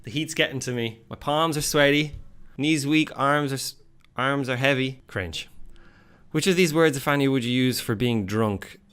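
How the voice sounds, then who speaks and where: A young man with an Irish accent chatting casually and reacting to a quiz, self-mocking and animated. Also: medium pitch, normal speed, clean tone. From Ireland. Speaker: YouTuber. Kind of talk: casual vlog commentary.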